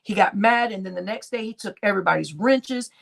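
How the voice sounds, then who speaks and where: A woman's voice: mid-range voice, brisk, gravelly. A woman hosting a casual livestream, rambling through a story and acting out what people said. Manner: rambling, acts out quoted dialogue. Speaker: livestream host. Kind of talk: casual live-stream storytelling.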